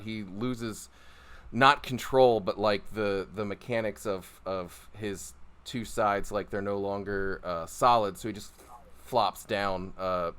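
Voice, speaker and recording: A man narrating a tabletop game as game master, hesitant, with many pauses and restarts. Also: on the low side, a bit bright, smooth.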